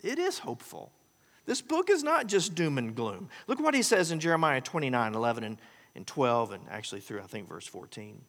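Bright-voiced folksy preacher in a hall. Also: male voice, medium pitch, brisk. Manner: folksy, joking, animated storytelling. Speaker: pastor. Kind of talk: sermon.

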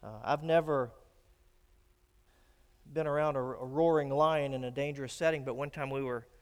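A man preaching a sermon, swinging from emphatic declarations to hushed, grave warnings. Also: mid-range voice, fairly even intonation, moderate pace. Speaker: pastor. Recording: long reverb of a church hall.

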